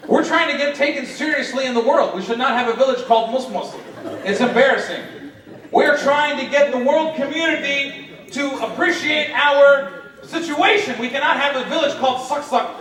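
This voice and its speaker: A man's voice: very high-pitched, normal speed, a bit bright, slight background noise. A man of Palestinian heritage performing a stand-up set, teasing the crowd with mock-scolding and playful rhetorical questions. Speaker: stand-up comedian. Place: large banquet hall. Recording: echoey hall, distant mic, crowd laughter. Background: audience laughter.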